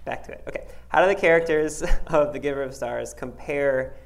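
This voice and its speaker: A woman's voice: rumbling low, fairly quick, gravelly, poor audio. A woman interviewing an author at a live book talk, chatty and laughing, with loose, restarting questions. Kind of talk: casual audience Q&A.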